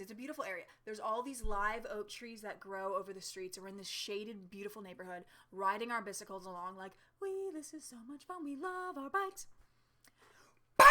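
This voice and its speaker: A woman telling a story in a casual home vlog, chatty and animated, with lots of fillers and laughter, sitting at home in front of her camera. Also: fairly high pitch. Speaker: vlogger. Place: home, seated in a chair with her cat.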